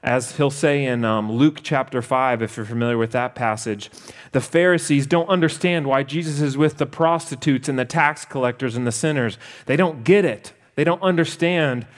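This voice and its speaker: Man preaching an earnest sermon. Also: medium pitch. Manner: earnest, slows down for emphasis.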